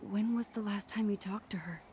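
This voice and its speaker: Woman voicing a shy teen photographer, soft-spoken, hesitant, game dialogue. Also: medium pitch, normal speed, a little hiss or hum, natural voice. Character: shy, earnest teenage girl photographer.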